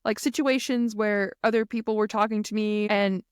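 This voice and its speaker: A woman co-hosting a casual chat podcast, talking excitably and filling her sentences with "like". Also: medium pitch, moderate pace, clean tone, dry recording, studio quality. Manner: chatty, heavy use of "like", excitable. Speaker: podcast co-host.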